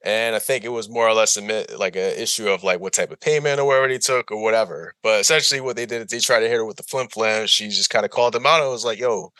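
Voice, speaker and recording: A man's voice: fairly low pitch, fast talker, few pauses, sharp tone, clear, resonant tone, no room sound. A man co-hosting a podcast in casual chat, rambling and repeating himself, laughing often. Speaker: podcast co-host. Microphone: remote recording.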